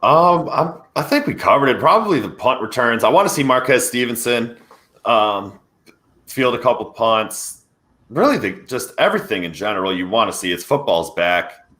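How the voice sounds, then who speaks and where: A man's voice: medium pitch, normal speed. A man co-hosting a sports podcast, chatting casually and energetically as he breaks down football. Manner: energetic, conversational football analysis. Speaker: podcast co-host.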